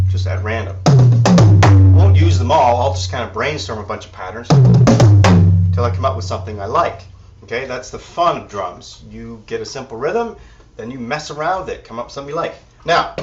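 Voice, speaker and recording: Man, drum teacher, relaxed, counts beats aloud, distant mic, loud drumming behind. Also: medium pitch. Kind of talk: drum lesson with counting and demonstration. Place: drum kit room. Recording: distant mic, dull sound, loud drums. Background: drums and music.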